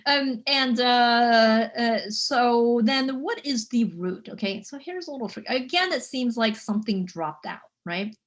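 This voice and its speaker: A woman lecturing on biblical Hebrew in a chatty way, full of fillers and frequent "okay?" checks, slowing down to sound out words. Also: on the high side, animated. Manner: spells out Hebrew words slowly.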